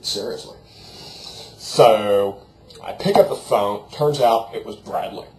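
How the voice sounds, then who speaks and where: A man's voice: fairly low pitch, takes it slowly, darkish tone. A young man putting on a goofy, dim-witted young guy who rants in a crude, profane slacker drawl. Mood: ranting. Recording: roomy echo, faint background noise.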